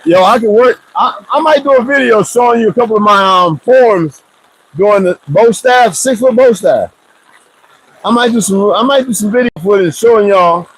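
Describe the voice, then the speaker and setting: A man's voice: sits high, normal speed, a bit bright, breathy edge, poor audio. A man talking casually to his viewers in a loose, rambling vlog, full of joking asides. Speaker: vlogger.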